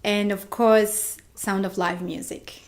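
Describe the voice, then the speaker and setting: A woman's voice: medium pitch, flat delivery, takes it slowly. A young woman from Georgia, an actress answering interview questions eagerly in simple phrases, often adding "you know".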